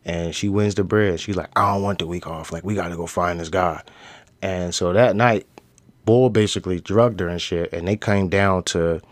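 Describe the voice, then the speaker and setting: A man's voice: low-pitched, moderate pace, no room sound. A man hosting a casual podcast, retelling a show's plot in loose slang with lots of swearing and acting out the characters' lines. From United States. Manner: animated storytelling with slang and profanity, acting out characters. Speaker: podcast host. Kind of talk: casual show recap.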